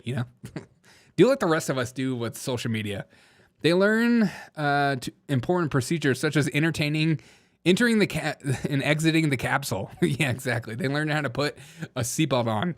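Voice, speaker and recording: A man with a Southern US accent hosting a comedy news show, rambling and laughing often at his own jokes. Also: fairly high pitch. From Southern United States. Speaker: host.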